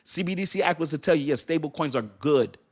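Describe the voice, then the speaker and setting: Animated crypto commentator, male, slightly higher pitch, laughing and preachy. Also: quick pace. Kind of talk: casual talk to camera.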